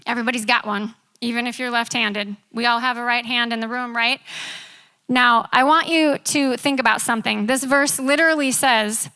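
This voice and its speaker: At a youth service in a church building, a young woman delivers a casual, chatty sermon, often checking in with the room by asking "right?" Her voice sits on the high side and sounds bright and forceful. She speaks at a normal speed with fairly even intonation, and the sound is smooth.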